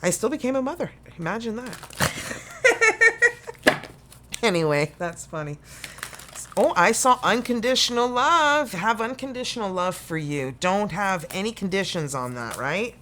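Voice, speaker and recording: A woman's voice: mid-range voice, animated, normal speed, background noise. A Canadian woman giving a casual, chatty tarot reading to camera, full of folksy sayings. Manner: chatty and folksy, full of "you know" and "okay". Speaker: tarot reader.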